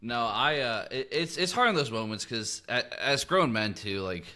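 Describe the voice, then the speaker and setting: A man co-hosting a sports podcast, chatting casually and ribbing his co-host with quick banter. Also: medium pitch, lively intonation, sharp tone.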